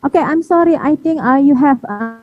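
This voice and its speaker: High-voiced woman moderator, phone-thin audio. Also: brisk, dry recording, soft background music. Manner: hesitant, frequent "uh" fillers, politely apologetic. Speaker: conference session moderator. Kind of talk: moderating an online conference session. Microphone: video call. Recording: tinny, phone-like video call audio.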